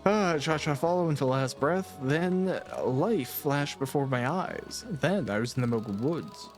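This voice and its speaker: A man's voice: fairly high pitch, animated, measured pace, pitched above the performer's own voice. Cha-Cha, a man doing a bragging little masked game creature who spins tall tales in broken pidgin. His delivery swoops up and down with faint game music underneath. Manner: broken pidgin speech, exaggerating. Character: bragging tall-tale-telling small male masked creature.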